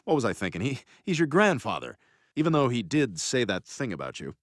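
A wheedling, scheming freeloader. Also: male voice, medium pitch, huge pitch swings, brisk, no room sound, studio quality. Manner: wheedling, stammering. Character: scheming, self-pitying freeloading pal.

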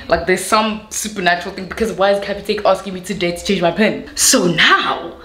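A woman of 21 with a South African accent, Zulu her first language, telling an animated vlog story that switches into Zulu phrases. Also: medium pitch, a little fast, reverberant. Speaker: YouTuber.

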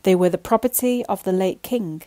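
A woman's voice: mid-range voice, moderate pace, warm tone, close to an everyday voice. A woman voicing a fussy, formal old male chancellor in a storybook reading. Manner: formal, flustered.

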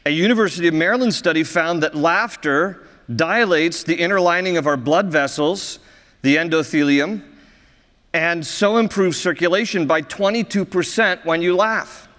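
A man with a notably high voice preaches to his congregation. He tells his stories with cheerful humor and often breaks into laughter at them. The sound carries the long reverb of a church sanctuary. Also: normal speed, fairly bright tone. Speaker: pastor. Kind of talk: sermon with humorous storytelling.

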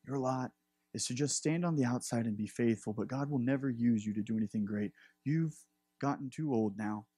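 A man voicing a low, discouraging inner voice of the liar, taunting the listener. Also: fairly quick, mellow, husky, dry recording, close to an everyday voice.

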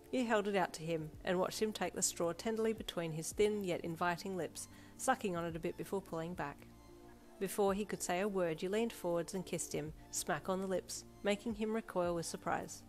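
A woman narrating a second-person fan fiction story in a steady storytelling voice. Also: on the low side, a little fast. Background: soft backing music.

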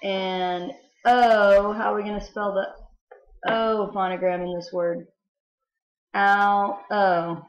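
A patient woman walks young children through a spelling lesson, sounding out each letter. She speaks at an unhurried pace. The recording is roomy and somewhat dull, like a simple home setup. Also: medium pitch, fairly even intonation. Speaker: teacher.

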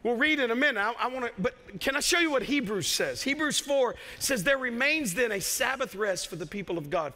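A man preaching to his congregation in a high, bright voice that carries. He repeats key phrases for emphasis. His voice rings with long reverb through a church hall. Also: expressive, brisk, hardly any pauses. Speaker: pastor. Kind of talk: sermon. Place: church sanctuary.

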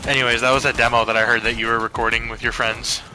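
A man streaming and chatting with a friend, dry and teasing, doing deadpan impressions. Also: medium pitch, quick pace, slight background noise, poor audio. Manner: dry, teasing, does flat movie-villain impressions. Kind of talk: casual chat with impressions.

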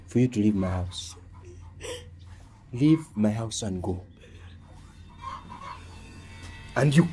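A domineering, abusive husband who barks harsh commands. His pitch swings widely while his words stay slow and heavy. Faint music sits under the voice. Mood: hostile. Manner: harsh, commanding, shouting threats. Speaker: actor. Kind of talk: short film acting.

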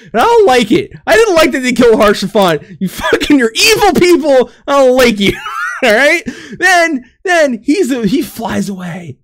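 Casting: young man, high and very lively voice, rambling profane storytelling with lots of laughing, slightly winded. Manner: rambling, profane, laughing often, acts out characters. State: out of breath. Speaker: podcast co-host recapping a game story. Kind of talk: casual chat.

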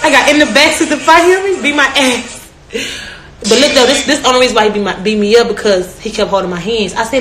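A woman's voice: fairly high pitch, fairly quick, fairly bright tone, faint music behind. Brash, laughing young woman in an echoey room. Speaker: rapper telling stories. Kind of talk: casual chat. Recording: echoey room with faint noise.

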